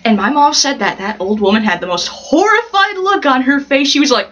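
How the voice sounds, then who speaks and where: An American woman vlogs to camera, telling stories from her childhood, laughing a lot and mimicking the voices of the people involved. She speaks high, brisk, and animated with a fairly bright tone, though the audio is dull with a slight hiss or hum.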